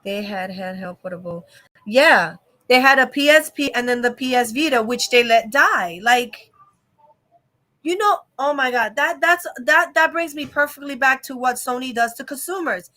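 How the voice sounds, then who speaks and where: A woman's voice: high voice, lively intonation, moderate pace, sharp tone. A young adult woman hosting a casual live-stream chat, giving an opinionated, rambling rant full of fillers. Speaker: vlog host.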